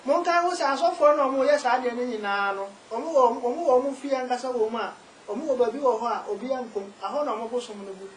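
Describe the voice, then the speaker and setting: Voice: mid-range voice, quick pace. A guest, a spiritual and herbal practitioner, talking emphatically in a casual interview and repeating key phrases. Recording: echoey room with faint noise.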